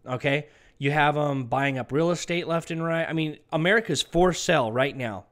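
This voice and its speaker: Tacking "okay" onto his lines again and again, this online commentator gives an emphatic political commentary. His voice runs on the high side and a bit bright, at a moderate pace.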